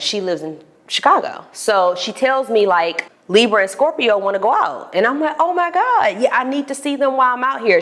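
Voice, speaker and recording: A young adult woman tells a personal story to camera. Her voice sits on the lower side for a woman. She talks in an animated way and acts out the voices of the people in her story. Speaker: vlogger. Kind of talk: storytelling monologue.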